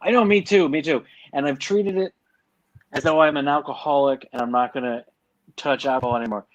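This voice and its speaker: A man's voice: mid-range voice, brisk, dry recording, poor audio. A man from New Jersey in casual podcast chat, blunt and opinionated, laughing often as he talks.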